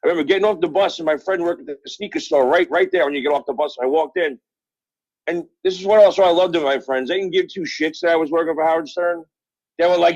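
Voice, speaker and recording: A man's voice: on the high side, fast, a little mellow, no room sound. A middle-aged man from Brooklyn, a guest telling rambling, profane stories full of fillers over the phone. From Brooklyn, New York. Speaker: guest, author. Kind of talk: casual interview chat. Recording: dull phone-call audio.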